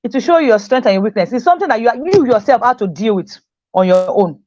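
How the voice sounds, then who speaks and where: Female teacher, motivational group talk, repeats for emphasis, fairly high voice, dull dry lo-fi audio. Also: animated, quick pace, darkish tone, dry recording. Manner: repeats key phrases for emphasis, acts out quoted voices.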